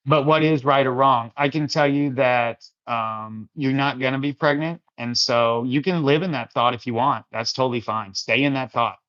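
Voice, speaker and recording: A man's voice: medium pitch, moderate pace, hardly any pauses, fairly bright tone. A man hosting a casual Christian livestream chat, answering viewer comments in a rambling, easygoing way and calling listeners his friends and brothers. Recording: dull lo-fi sound.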